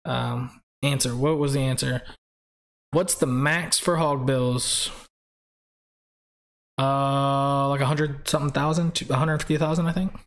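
A man's voice: mid-range voice, fairly even intonation, measured pace, long pauses. A man hosting a game live stream in a rambling, chatty way, reading out viewer names and laughing often. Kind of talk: casual live-stream chat.

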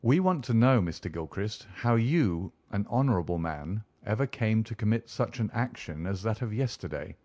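A man voicing a calm, shrewd male detective who talks in a suave, measured, deliberate way. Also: lowish voice, no echo. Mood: probing. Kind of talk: audiobook character reading.

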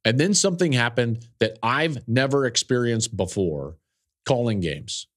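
A man's voice: medium pitch, expressive, a little slow. A male podcast host telling a personal story in an earnest, openly emotional way. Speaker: podcast host, football analyst.

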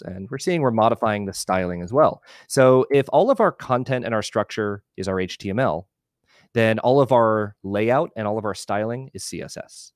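Low-voiced man teaching a live web tutorial. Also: dry recording, studio quality. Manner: relaxed, explanatory, thinks aloud while clicking through. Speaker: webinar instructor. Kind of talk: live screen-share tutorial.

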